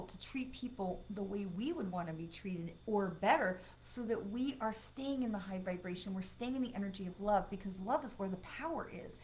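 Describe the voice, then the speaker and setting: A woman reads cards on a live stream in a casual, chatty way, warm and encouraging with her viewers. She breaks off now and then to ban spammers. Her voice sits in a middle register over a faint background hiss. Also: medium pitch. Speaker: psychic medium doing live card readings.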